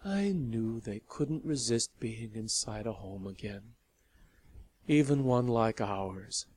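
The narrator of an audio story voicing a wounded woman vampire who is husky, crude and swears freely. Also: medium pitch, lively intonation, takes it slowly, a little mellow. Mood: weak. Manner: swears freely, laughs giddily.

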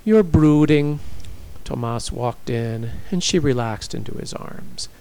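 A man narrating a story in a dramatic, expressive reading style. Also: mid-range voice, unhurried, vocal fry, poor audio.

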